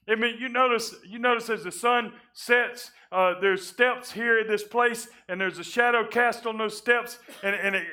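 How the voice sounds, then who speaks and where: Male pastor, high bright tone, casual repetitive sermon delivery. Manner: conversational preaching, repeats words, drops quietly at times. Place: church sanctuary.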